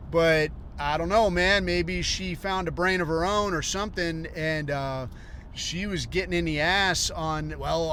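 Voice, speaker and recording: A rambling, profane man rants casually on his podcast, his voice sitting a bit higher than most men's. He drifts between thoughts and mocks people he talks about. A faint hiss runs under the recording. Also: a bit bright. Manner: rambling, profane, mocking impressions of others. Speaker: podcast host. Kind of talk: profane ranting commentary.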